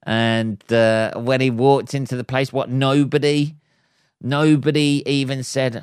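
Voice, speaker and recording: A man's voice: medium pitch, flat delivery, a little slow, darkish tone, clear, resonant tone, no room sound, clean studio sound. A man hosting his own podcast, ranting casually with lots of swearing and chuckles, mocking with put-on voices. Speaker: podcast host. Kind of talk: casual solo podcast rant.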